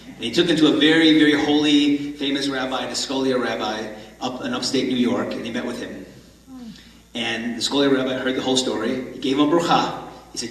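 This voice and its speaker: A man tells a long story to a conference crowd, animated and acting out each person in it. His voice rings through a big, echoing hall with a long tail of reverb, picked up from well back from the mic. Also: mid-range voice, a little fast. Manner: animated storyteller, acts out the characters. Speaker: speaker at a religious conference. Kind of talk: storytelling talk. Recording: echoey hall from far off.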